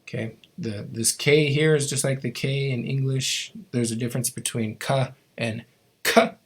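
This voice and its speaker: A man's voice: medium pitch, fairly even intonation, normal speed, slightly rough. A man teaching a language class, patiently explaining how to make each sound, with frequent ums and restarts.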